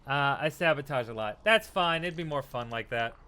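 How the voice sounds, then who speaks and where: A man's voice: medium pitch, lively intonation, normal speed, pushed and bright, smooth. A tipsy man streaming a game, rambling casually, laughing and thanking his chat.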